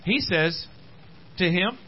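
A man's voice: animated, takes it slowly, lo-fi sound, a little hiss or hum. Preacher man, rising and falling. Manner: swings between loud rising exhortation and quiet low asides; repeats words and restarts phrases, with frequent amens. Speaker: pastor. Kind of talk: sermon. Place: church service.

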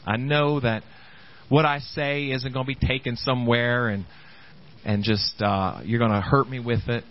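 A pastor preaching a sermon in an animated, halting way, often acting out the voices of the people he quotes. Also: medium pitch, lo-fi sound.

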